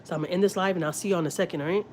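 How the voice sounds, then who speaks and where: A woman's voice: fairly low pitch, very fast, darkish tone, a little hiss or hum, low-quality recording. A woman, chatting candidly and at length with viewers on a livestream from her home. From Houston, Texas. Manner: candid, rambling, confiding. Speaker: family vlogger on a livestream. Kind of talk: casual livestream chat.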